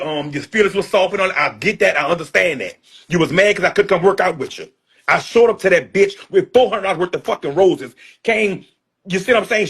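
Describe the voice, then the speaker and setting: Husky-voiced man in a heated rant. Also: high-pitched, fairly bright tone. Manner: repetitive, blunt, profane. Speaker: social media personality.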